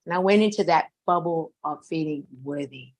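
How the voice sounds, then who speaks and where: A woman's voice: low voice, moderate pace. Earnest woman sharing a heartfelt story. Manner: earnest and heartfelt, with repeated phrases and soft laughs. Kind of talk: emotional personal testimony.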